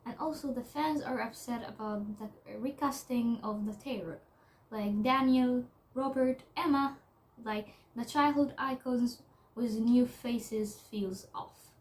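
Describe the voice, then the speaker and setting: A young adult woman in a casual vlog commentary, talking haltingly with lots of fillers and restarts. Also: fairly high pitch. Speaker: YouTuber.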